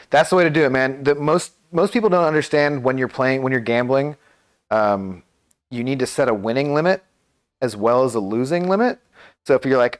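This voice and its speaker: A man's voice: medium pitch, clear, resonant tone. A man in his thirties, a live streamer chatting casually and rambling as he answers viewer messages.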